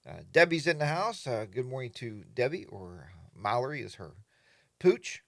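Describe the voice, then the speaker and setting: A man's voice: medium pitch, sing-song, moderate pace, a bit bright, dry recording. A man hosting a casual morning livestream from his home studio, greeting viewers by name and rambling along with plenty of fillers. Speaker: livestream host.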